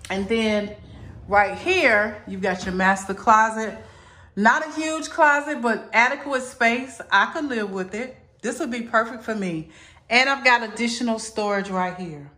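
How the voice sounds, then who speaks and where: A woman's voice: on the high side, expressive, a little slow, fairly bright tone. A woman giving a casual, chatty tour of a modular home, somewhat out of breath, recorded on a handheld phone indoors. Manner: chatty, repeats "really lovely". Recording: echoey empty rooms.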